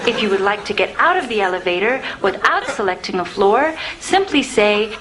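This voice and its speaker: A woman with an American accent voicing the polite automated voice of a talking lift, calm and measured. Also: mid-range voice, natural voice. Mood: prim. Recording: loud audience laughter and noise.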